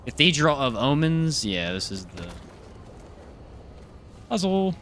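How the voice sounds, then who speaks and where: Lively chatty male game streamer. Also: medium pitch, slow, slight background noise. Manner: chatty, joking, reads chat aloud. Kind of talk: casual live gameplay commentary.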